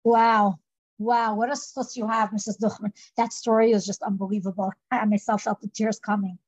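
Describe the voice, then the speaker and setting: Effusive breathy woman podcast host. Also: medium pitch, little pitch movement, normal speed, a little mellow, no room sound. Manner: effusive, gives blessings in Yiddish and Hebrew. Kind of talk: podcast interview. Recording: dry, breathy, dull lo-fi audio.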